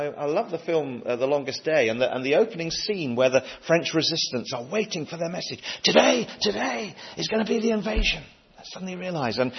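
A man's voice: a little high, husky, muffled recording. A man preaching a sermon in an earnest, emphatic way, often restarting his words.

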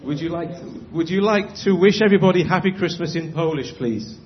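A man's voice: fairly high pitch, a little fast, echoey room. A man leading a church prayer, then hosting a gathering with encouraging remarks. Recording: dull lo-fi with faint hiss.

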